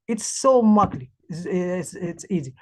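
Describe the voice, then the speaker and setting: A woman who is a language teacher, presenting her project in English, halting and restarting as she searches for words. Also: lowish voice, warm tone. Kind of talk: presentation talk.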